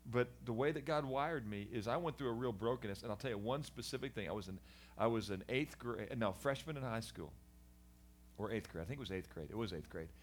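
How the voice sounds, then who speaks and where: A middle-aged man, a guest in a conversation, giving a candid personal testimony about his past in an animated, earnest way with frequent restarts. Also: medium pitch, a little fast, slight background noise. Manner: animated storyteller, acts out voices of people in his story. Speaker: guest sharing his life story.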